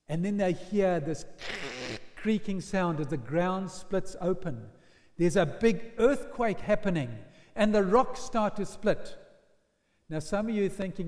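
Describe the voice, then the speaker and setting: A man preaching a sermon as vivid storytelling, dropping to hushed lines and then rising to loud shouted quotes. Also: high voice, expressive, moderate pace. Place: church hall. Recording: long reverb of a church hall.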